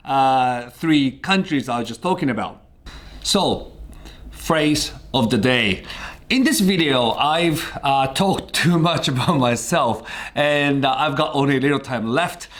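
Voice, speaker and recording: A Japanese man with a halting, pausing delivery, hosting a casual vlog lesson for viewers. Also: on the high side, a bit bright. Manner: halting, pauses often mid-sentence. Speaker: YouTuber teaching Japanese.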